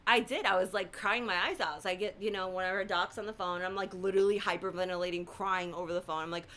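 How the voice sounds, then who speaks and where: A middle-aged woman co-hosting a live stream chat, telling her story in a lively way and acting out what people said. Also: on the low side, fast. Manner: animated storytelling, acts out quotes. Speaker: co-host.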